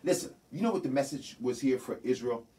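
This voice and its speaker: A male pastor preaches in a loose, conversational way, his pitch leaping high and dropping low. His voice sits at a middle pitch and is picked up from a little way off the microphone in a church. He keeps talking straight to his congregation. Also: animated, brisk, warm tone, far from the mic. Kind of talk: sermon. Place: church sanctuary.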